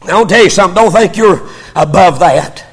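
Older preacher, high husky voice. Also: male voice, a little fast, in a large hall. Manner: fervent preaching that swells into shouting, with many stammered restarts. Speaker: pastor. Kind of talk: sermon.

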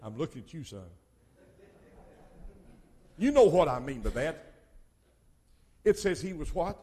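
Fervent older preacher. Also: male voice, on the high side, very animated, measured pace. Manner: fervent, swings between loud exhortation and quiet asides. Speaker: pastor. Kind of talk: sermon.

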